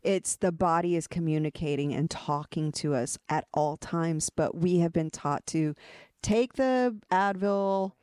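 A woman with a fairly low voice, speaking frankly and casually as a podcast guest. She swears freely and restarts her phrases often. The sound is dry and close, with no room in it. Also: a little slow, a little mellow, clear, resonant tone, no echo. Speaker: guest energy coach.

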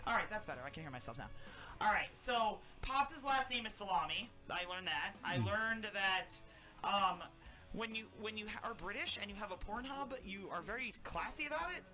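A woman's voice: medium pitch, expressive, normal speed. A woman co-hosting a casual podcast, crude and rambling, swearing freely as she talks. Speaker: co-host. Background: loud music.

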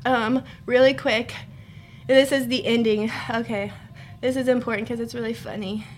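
A woman's voice: fairly high pitch, moderate pace, slight background noise. A woman co-hosting a podcast, telling a funny story with lots of laughter in casual chat. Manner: laughing storyteller, animated retelling. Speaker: podcast co-host.

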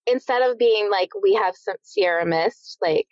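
A woman's voice: mid-range voice, normal speed, no echo, lo-fi sound. A woman co-hosting a podcast in casual chat, making dry joking asides. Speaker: podcast co-host.

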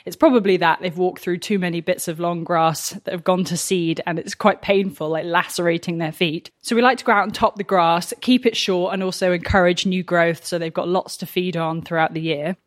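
A young woman chatting casually in a farm vlog, nervous and quick to laugh, talking from a tractor cab. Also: on the low side, steady tone, no room sound, studio quality. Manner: chatty, nervous, laughs often, exclaims a lot. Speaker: farm vlogger. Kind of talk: casual vlog talk to camera.

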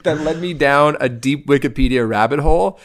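A man in his thirties trading stories on a podcast. He tells them in a loose, animated way and jumps into the voices of the people he quotes. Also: fairly high pitch, moderate pace. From Southern Ontario, Canada. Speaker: podcast co-host. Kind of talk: casual storytelling chat.

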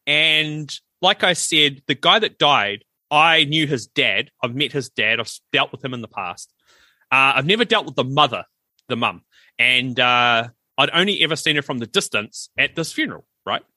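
A man's voice: medium pitch, animated, moderate pace, sharp tone, no echo. A middle-aged man, co-hosting a casual podcast and telling stories animatedly, acting out the voices he quotes. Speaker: podcast co-host. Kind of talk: casual chat.

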